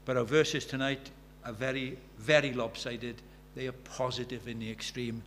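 A man's voice: mid-range voice, steady tone, moderate pace, a bit bright. A man in his sixties preaches a sermon with a middle-range voice. He tells stories in an earnest way and builds to fervent emphasis. A faint hum runs under the recording. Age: 60s. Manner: earnest, rising to fervent emphasis, storytelling asides.

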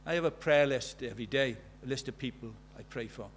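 With a medium-pitched voice and a fairly quick pace, a man earnestly preaches a sermon, weaving in stories and putting many questions to his listeners. Slight background noise is audible.

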